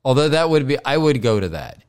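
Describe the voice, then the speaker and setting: A man's voice: medium pitch, big pitch swings, a little fast, darkish tone, clear, resonant tone. A man hosting a solo podcast while stoned, rambling, joking and swearing, with frequent apologies and self-deprecation. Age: older. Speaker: podcast host.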